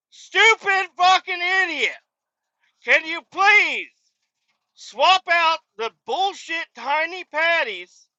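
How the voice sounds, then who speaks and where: Man putting on a raging dad, shrill shouting, profane, lo-fi sound. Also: no echo, heavily acted. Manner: screaming, profane, exasperated. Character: furious middle-aged dad yelling at a fast-food cashier.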